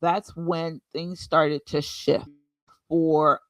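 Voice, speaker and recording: A woman's voice: deep voice, flat delivery, very slow, no room sound. A Haitian American woman co-hosting a podcast, explaining her points at length in a reflective, casual way. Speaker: podcast co-host. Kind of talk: casual chat.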